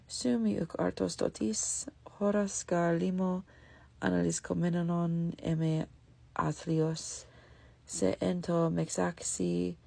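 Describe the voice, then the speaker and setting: Brief: woman reading as a starving young male beggar, pleading, low and gravelly. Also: warm tone, no room sound, heavily acted. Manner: pleading, slow and drawn out. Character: starving ragged young man begging in many tongues.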